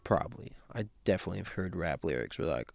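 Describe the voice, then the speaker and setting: A man's voice: deep voice, very animated, fast talker, gravelly, dry recording. A man hosting a casual book read-through, paraphrasing scenes in a slangy, laid-back way full of "dude" and "like".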